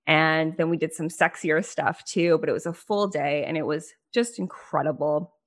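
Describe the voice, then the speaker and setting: A woman hosts a podcast and talks with a guest, chatty and eager. Her voice sits a little low for a woman. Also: fairly even intonation, normal speed. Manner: enthusiastic, chatty, laughs often. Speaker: podcast host. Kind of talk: casual interview chat.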